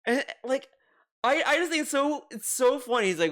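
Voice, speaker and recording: A man giving a ranting commentary, animated and mocking, often swearing and mimicking others. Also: very high voice, normal speed. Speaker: commentary streamer.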